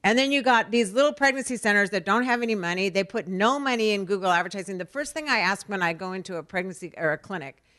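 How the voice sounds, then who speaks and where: A middle-aged woman from the United States giving an animated storytelling speech at a fundraising event. She acts out quoted dialogue and repeats words for emphasis. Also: mid-range voice, fast talker, hardly any pauses. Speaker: speaker at a fundraising dessert. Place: event hall.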